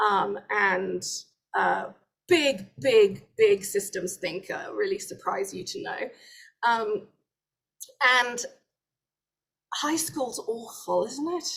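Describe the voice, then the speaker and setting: A woman's voice: on the high side, breathy edge. A British woman in her forties hosting a casual webinar conversation, chatty and enthusiastic with plenty of fillers. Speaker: host.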